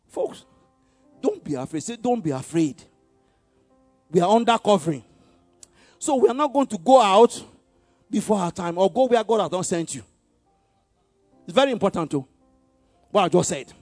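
A man preaching a sermon in call-and-response style, having the congregation repeat lines, shifting between loud exhortation and quiet asides with frequent chuckles. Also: sits high, expressive, moderate pace, pauses often, no room sound, soft background music.

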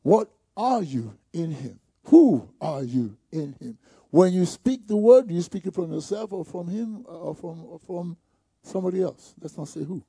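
A man preaching a sermon, calling out to the congregation and building to shouted peaks. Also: high voice, lively intonation, normal speed, gravelly, breathy edge, dry recording, clean studio sound. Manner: call-and-response preaching with rising shouts. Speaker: pastor.

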